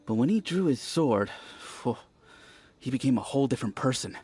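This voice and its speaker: Game villager, young man, talkative and lively. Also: mid-range voice, normal speed, breathy edge. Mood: chatty. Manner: chatty, animated storytelling. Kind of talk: video game voice acting.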